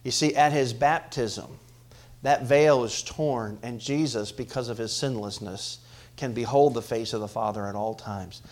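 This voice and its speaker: With a mid-range voice and an unhurried delivery, a male pastor preaches to his congregation. His sermon rises loud and emphatic, then falls quiet, and he frequently puts questions to the church.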